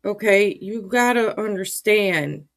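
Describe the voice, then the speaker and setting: A woman's voice: mid-range voice, lively intonation, takes it slowly. Woman co-host, blunt, no-nonsense, casual reaction chat. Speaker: livestream co-host.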